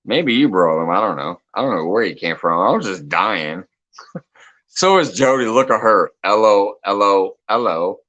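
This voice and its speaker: A man's voice: sits low, very animated, moderate pace, bright, forceful tone, low-quality recording. A man hosting a casual late-night livestream chat, reading comments aloud, laughing often and swearing freely. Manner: loose, joking, swears freely. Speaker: livestream host.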